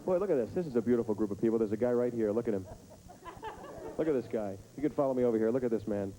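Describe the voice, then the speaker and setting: A male stand-up comedian teasing audience members with rapid, absurd riffs on a theater stage. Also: mid-range voice, lively intonation, warm tone. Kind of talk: stand-up comedy with crowd work. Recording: noisy live stage recording.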